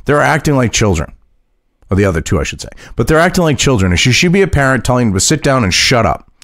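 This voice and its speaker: A man's voice: medium pitch, big pitch swings, quick pace, fairly bright tone, no echo, clean studio sound. A man hosting casual political commentary, mocking and profane, reading news aloud and reacting to it. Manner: mocking, profane, laughs at his own jokes.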